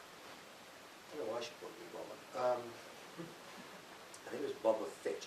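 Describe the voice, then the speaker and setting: A man's voice: lowish voice, animated, moderate pace. Older man in an echoey hall. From Australia. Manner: chatty, self-mocking, laughs often. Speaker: author speaking at a library event. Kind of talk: talk to an audience. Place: library hall. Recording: distant, echoey hall with hiss.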